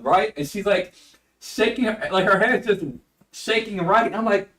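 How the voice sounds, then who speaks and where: A young man telling a story to his live chat, animated and quick to curse. His voice sits a touch higher than most men's. He laughs easily as he goes. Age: young adult. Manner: animated, swears freely, laughs often. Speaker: live streamer.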